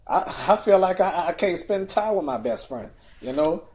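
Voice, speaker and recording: A man, upset and near tears, talking through a rambling livestream monologue, stammering and repeating words and closing phrases with a soft, trailing "you know?". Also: high-pitched, lively intonation, moderate pace.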